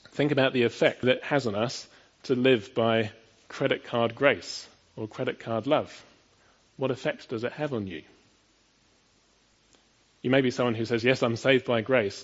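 A man's voice: medium pitch, husky, lo-fi sound. A man preaching a sermon, earnest and full of rhetorical questions, building to emphatic peaks.

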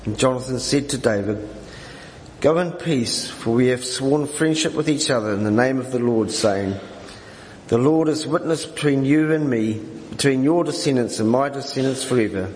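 A man's voice: mid-range voice, normal speed, darkish tone. Man reading scripture in an echoey hall. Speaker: scripture reader. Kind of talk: reading scripture aloud in a service. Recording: echoey hall with faint noise.

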